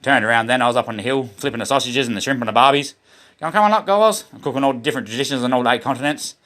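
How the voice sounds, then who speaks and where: A man's voice: medium pitch, steady tone, rapid-fire, sharp tone. A man with an Australian accent rambling in a preachy monologue, often calling his viewers "guys" as he talks.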